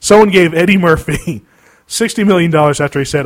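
A man's voice: fairly high pitch, a little fast. A man hosting a podcast in casual, sarcastic chat, laughing often. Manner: animated, sarcastic, laughs a lot. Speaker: podcast host.

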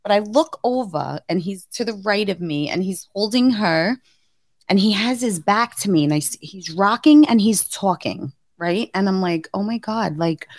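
This is a woman in her thirties at a moderate pace, captured in studio quality without any echo. She co-hosts a podcast and casually relates a birth story, animatedly acting out the quotes by suddenly raising her pitch high.

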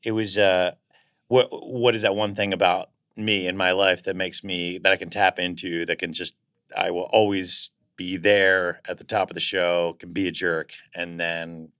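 A man's voice: sits low, little pitch movement, moderate pace, a bit bright. A man being interviewed as a guest actor, talking in a reflective, casual way and searching for words as he goes.

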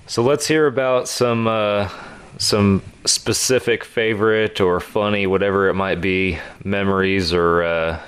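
A man hosting a podcast, relaxed and casual, prompting guests for stories. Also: on the low side, unhurried, smooth. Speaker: podcast host.

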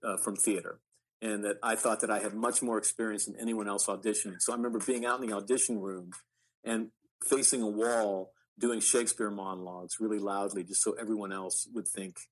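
A middle-aged man, an actor guest, telling animated stories in an interview with frequent restarts. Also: on the low side, fairly quick, poor audio. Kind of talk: storytelling interview.

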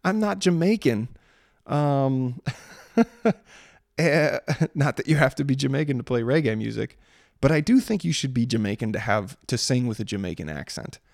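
A man's voice: mid-range voice, lively intonation, normal speed, vocal fry, a little mellow, no room sound, clean studio sound. A man from Maryland, a singer-songwriter in his thirties, chatting casually and rambling, sarcastic about spam messages. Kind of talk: casual chat.

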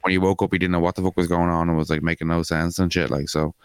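Low monotone guy chatting fights on a podcast, swears a lot, clean dry mic. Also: quick pace, clear, resonant tone, no echo. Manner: rambling, swears a lot, many fillers. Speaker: podcast co-host. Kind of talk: casual sports chat.

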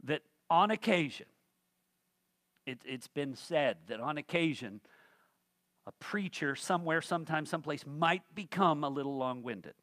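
A man's voice: fairly high pitch, animated, normal speed, fairly bright tone, no echo, studio quality. A male pastor preaching a sermon, folksy and humorous, rising to fervent emphasis.

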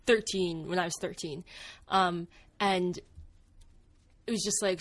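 A young adult woman co-hosting a casual talk show, working on her thesis, chatty and quick to laugh. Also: lowish voice, steady tone. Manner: chatty, uses many fillers, laughs often. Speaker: co-host. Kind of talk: casual chat.

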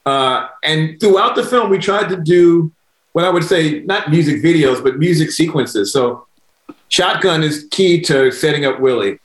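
A male director with a slightly higher voice, talking about his film in a relaxed, anecdotal way. His voice sounds roomy and echoey. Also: unhurried. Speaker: documentary director guest. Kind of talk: interview. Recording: roomy echo.

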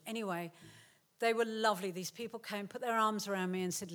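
A middle-aged woman telling a funny story to a live theatre audience, animated and laughing, acting out the people in it. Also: mid-range voice, fairly quick. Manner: animated, laughing, acts out quotes. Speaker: author giving a talk. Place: theatre stage.

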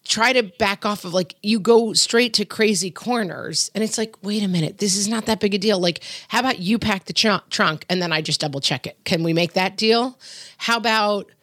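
A middle-aged woman co-hosting a casual parenting chat, talking in a firm, emphatic way and acting out quotes in lively voices. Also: mid-range voice, moderate pace, no echo, clean studio sound. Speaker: podcast co-host.

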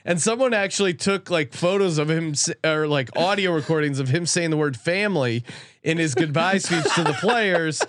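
A man hosting a sports podcast, joking quickly and laughing through his stories. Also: fairly high pitch, fairly bright tone, no room sound, clean studio sound. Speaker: podcast host. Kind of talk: casual sports chat.

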